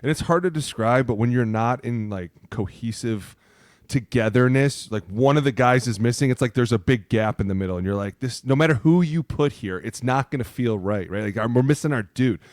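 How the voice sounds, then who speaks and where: A middle-aged former NFL offensive lineman, on as a podcast guest, chats casually about sports in a mid-range voice that runs a little fast. He's an animated storyteller who acts out quotes and keeps saying "right?", and the studio recording is clean with no room sound.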